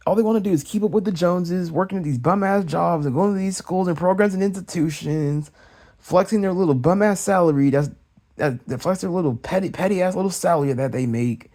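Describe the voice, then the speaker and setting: A young man tears through an angry late-night rant at a breakneck pace. His voice sits a little high yet sounds dark and mellow in tone. He swears freely and keeps stumbling into restarts. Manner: agitated, profane, rapid-fire venting with restarts. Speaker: vlogger.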